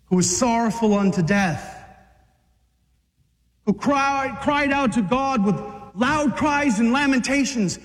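High-voiced fiery male preacher. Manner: fervent and exhorting, rising to shouts. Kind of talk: fiery sermon. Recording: long hall reverb.

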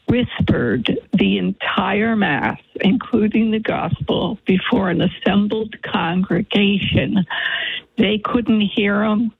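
Slow tearful woman on a tinny phone line. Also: mid-range voice, creaky, breathy edge, dry recording. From New Hampshire. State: bedridden, voice tearful. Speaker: caller. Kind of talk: call-in question.

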